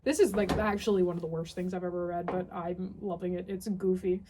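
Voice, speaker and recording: A woman's voice: on the low side, steady tone, fairly quick, background noise. A young woman reading a strange ritual text aloud and commenting on it. Tired, sardonic and swearing often. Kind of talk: dramatic reading with casual commentary.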